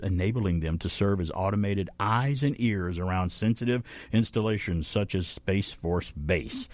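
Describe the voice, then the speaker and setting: A man's voice: on the low side, a little mellow, no echo. A man hosting a radio show, chatting casually and reading news items with playful asides and laughter.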